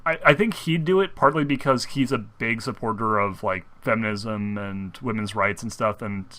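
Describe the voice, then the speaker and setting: Bright-voiced young man rambling casually. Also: fairly low pitch, moderate pace. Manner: rambling, many fillers and restarts. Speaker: co-host of a fan talk show. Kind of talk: casual chat.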